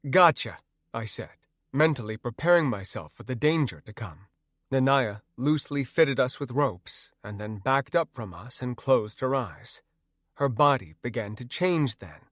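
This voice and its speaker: A man narrating a first-person audiobook in a measured, even storytelling manner. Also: medium pitch, no room sound, studio quality.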